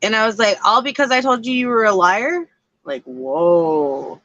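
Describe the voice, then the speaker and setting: A woman's voice: mid-range voice, expressive, unhurried, a bit bright, dull audio. A woman co-hosting a podcast, telling a story in a loose, rambling way with lots of fillers. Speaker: podcast co-host. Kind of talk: casual chat.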